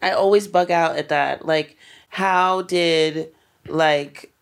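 This podcast co-host muses out loud in loose, rambling casual chat, with lots of filler phrases. The voice sits at a middle pitch. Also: fairly even intonation, slow pace, gravelly, clear, resonant tone.

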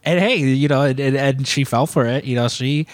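A man's voice: medium pitch, moderate pace, no room sound. A man casually telling long stories in a chat, rambling with lots of restarts and cursing freely.

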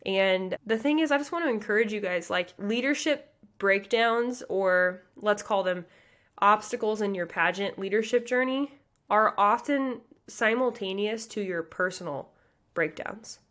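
A woman's voice: medium pitch, a bit bright. Brief: woman, 30s, from the Midwest, podcast host, fervent motivational talk. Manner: passionate, fast, chatty with many likes and you guys. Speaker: pageant coach and podcast host.

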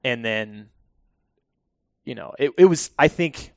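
A firefighter guest telling stories in a relaxed podcast conversation, laughing often and restarting his sentences. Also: mid-range voice, slow, vocal fry, no room sound, clean studio sound.

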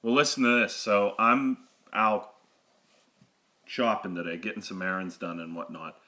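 Male podcast co-host, bright forceful tone, animated storyteller who stumbles over his words. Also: lowish voice, moderate pace. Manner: animated, laughing, repeats words when excited. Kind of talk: casual storytelling chat.

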